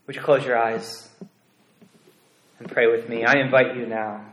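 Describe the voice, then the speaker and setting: A man preaching a sermon as a pastor, earnest and deliberate, dropping to a hush on key phrases. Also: medium pitch, flat delivery, reverberant, a little hiss or hum, rough recording. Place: church sanctuary.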